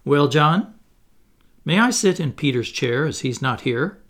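A man's voice: a little high, expressive, measured pace, fairly bright tone. A man voicing a young boy who grumbles and complains. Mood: grumbling.

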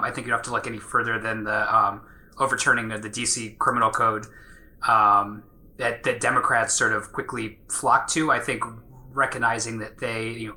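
A man talks as a podcast guest, steady and casual. His delivery stays flat, and his voice has a very bright, sharp edge. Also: on the low side.

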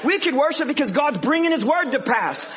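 Male preacher, high bright husky voice, animated sermon delivery, dull lo-fi recording. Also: fairly quick. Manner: animated preaching, swinging from hushed to loud.

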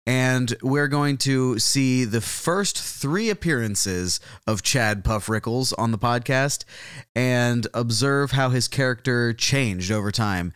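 A man's voice: mid-range voice, slow pace, fairly bright tone, smooth, no echo, clean studio sound. A man co-hosting a podcast, introducing the episode in a casual, rambling way, chuckling and thinking aloud. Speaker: podcast co-host.

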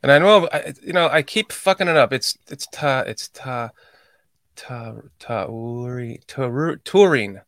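A man's voice: medium pitch, steady tone, unhurried, a bit bright, no echo. A man hosting a podcast livestream in casual chat, rambling, swearing and laughing at his own slips. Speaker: podcast host.

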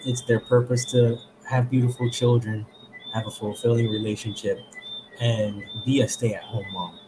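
Man, therapist guest, animated storyteller, conversational, mid-range voice. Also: medium pitch, normal speed, background noise.

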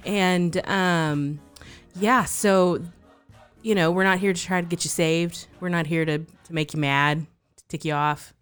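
A woman's voice: lowish voice, fairly even intonation, a little slow, smooth, soft background music. A woman co-hosting a podcast, telling chatty stories and laughing often. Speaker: podcast co-host. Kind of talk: casual chat.

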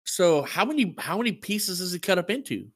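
A man co-hosting a casual podcast chat, joking and telling stories in an animated way. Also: high-pitched, brisk, breathy edge. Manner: animated, jokey storyteller. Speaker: podcast co-host.

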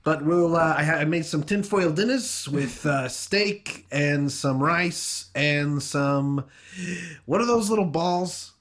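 Dude doing a pushy weird dating contestant lady, cheeky, rambles, kinda high voice. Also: slow pace, fairly bright tone. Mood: playful. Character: brash woman dating contestant, pushy and odd. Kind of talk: improvised dating-show sketch.

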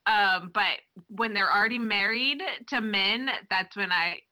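A woman's voice: mid-range voice, unhurried, sharp tone, low-quality recording. A woman guest in a casual podcast chat, friendly and agreeable.

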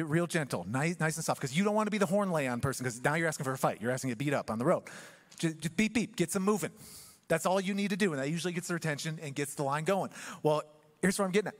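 A man preaching a sermon in church, telling the story with humor and acting out quick asides. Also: fairly high pitch. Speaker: pastor.

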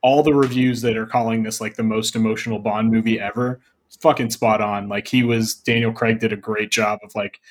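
A man's voice: fairly low pitch, little pitch movement, brisk. A man co-hosting a podcast, talking about movies in a laid-back, agreeable, profane way. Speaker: podcast co-host. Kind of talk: casual movie review chat.

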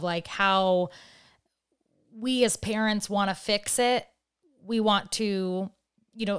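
A woman's voice: mid-range voice, a bit bright, smooth. A woman hosting a podcast interview, talking in a reflective, casual way and often saying "like". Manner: reflective, self-questioning, uses "like" a lot. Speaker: podcast host.

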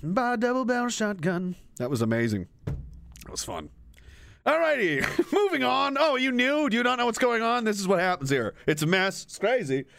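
Streaming and reading chat, a man rants casually, swearing freely and laughing often in an animated way. His voice sits high and creaky at a normal speed.

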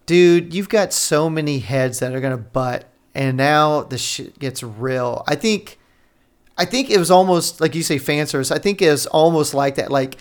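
A man co-hosting a podcast in casual chat, relaxed and profane. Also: a little high, moderate pace, clear, resonant tone. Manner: relaxed, profane, laid-back agreeing. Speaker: podcast co-host.

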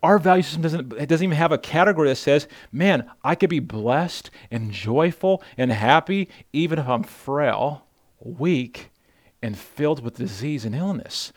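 A man's voice: a little high, normal speed, dry recording, studio quality. A man preaching a sermon as pastor, earnest and emphatic, repeating phrases for weight. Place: church.

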